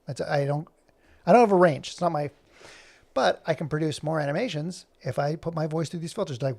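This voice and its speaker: A man with a fairly high, gravelly voice rants in loose, casual chat. He rambles from point to point, gets heated and swears freely. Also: expressive, fairly quick, a little mellow. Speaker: animator and streamer. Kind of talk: casual ranting chat while working.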